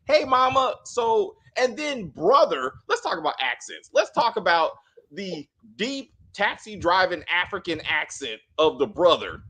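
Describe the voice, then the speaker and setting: A man co-hosts a casual TV review, his voice lively and full of swoops. He is blunt, swears freely, and acts out characters with many restarts. His tone is bright and sharp. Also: sits high, unhurried. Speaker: co-host reviewing a TV episode. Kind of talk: casual chat.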